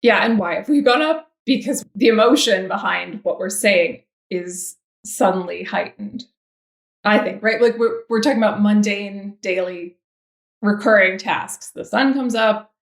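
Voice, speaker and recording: A woman, a composer guest on a podcast, talking thoughtfully about a song and pausing before she makes her point. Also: medium pitch, roomy sound. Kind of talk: casual music analysis chat.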